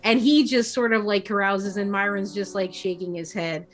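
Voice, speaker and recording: A woman's voice: medium pitch, fairly even intonation, normal speed. A woman narrating a tabletop game as game master, rambling with lots of fillers.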